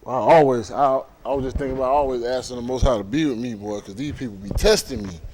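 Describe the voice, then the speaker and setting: A man from Miami leading a congregation, moving between prayer and lively, joking talk with loud exclamations, recorded in a synagogue hall during a livestream. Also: medium pitch, quick pace, slight background noise. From Miami, Florida. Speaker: congregation leader. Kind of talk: casual sermon talk and prayer.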